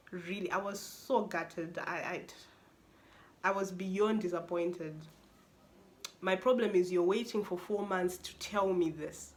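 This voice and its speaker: A young woman, a university student, telling an expressive, exasperated story-time vlog with lots of repetition. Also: mid-range voice, a little slow. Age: young adult.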